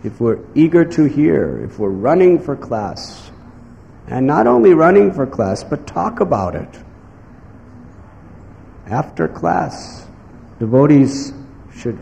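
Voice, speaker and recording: A man giving a devotional sermon in slow, emphatic phrases, now and then acting out what others might say. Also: medium pitch, very animated, vocal fry, dark tone. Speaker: spiritual teacher. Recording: echoey hall with faint background noise.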